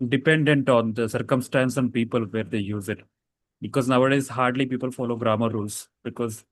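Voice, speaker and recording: A man's voice: mid-range voice, dry recording. A man teaching a casual grammar lesson, explaining rules with fillers and self-corrections.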